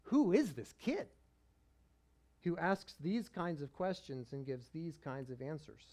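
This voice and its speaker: A man's voice: on the high side, very animated, unhurried, darkish tone. A male pastor preaching a sermon in a conversational way, often chuckling.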